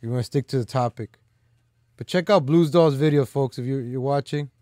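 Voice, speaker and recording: A man's voice: medium pitch, brisk, mellow, dry recording, clean studio sound. A man hosting a live stream in loose, rambling casual talk, full of "like" and "man" fillers, teasing and boastful.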